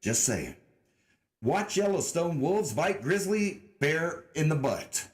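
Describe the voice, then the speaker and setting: A young man rambling through a casual livestream, talking straight to his chat. His pitch swings widely up and down as he jokes, and he leans into a put-on mock-redneck drawl with plenty of cursing and a sarcastic edge. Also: big pitch swings, takes it slowly. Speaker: livestream host.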